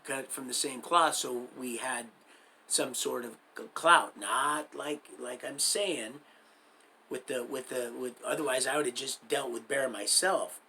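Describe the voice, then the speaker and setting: A man's voice: mid-range voice, bright, forceful tone, a little hiss or hum, rough recording. A man casually telling a story from his own life, rambling with many restarts and acting out what others said, in streetwise slang. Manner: rambling, full of restarts and acted-out quoted dialogue.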